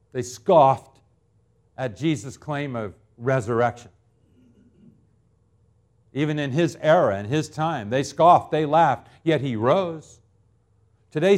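A man in his fifties preaching a sermon as pastor, swinging between loud emphatic lines and quiet ones, stretching out key words. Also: a little high. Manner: drawn-out, deliberate phrasing on key words.

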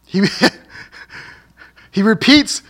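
A man's voice: extremely slow, a bit bright. A male pastor preaching a sermon, with joking asides and laughing at his own slips.

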